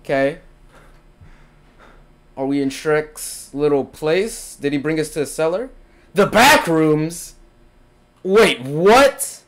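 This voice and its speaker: A man's voice: on the high side, slow pace, long pauses. Young man doing jokey game commentary. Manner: jokey, talks to viewers, gets frantic and shouty when panicked. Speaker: gaming video creator. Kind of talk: casual let's-play commentary.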